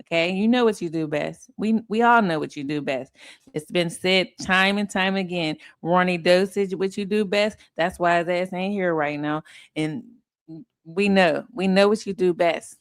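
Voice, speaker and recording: A woman's voice: lowish voice, moderate pace. Blunt, profane woman commentator. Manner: blunt, profane, laughs a lot. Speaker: commentary host. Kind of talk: casual commentary.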